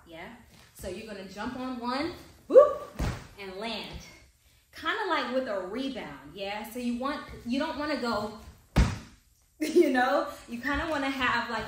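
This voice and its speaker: A woman's voice: fairly high pitch, distant mic, slight background noise. Upbeat woman coaching in an echoey studio. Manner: upbeat, coaching with frequent check-ins. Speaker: dance instructor. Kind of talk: dance tutorial. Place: large dance studio.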